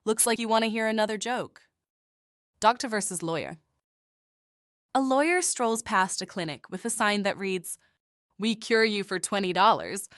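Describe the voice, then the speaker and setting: A woman's voice: mid-range voice, animated, moderate pace, pauses often, fairly bright tone, no echo, studio quality. A woman telling short scripted jokes in a chatty, playful storytelling manner. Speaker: joke teller. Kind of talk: scripted joke narration.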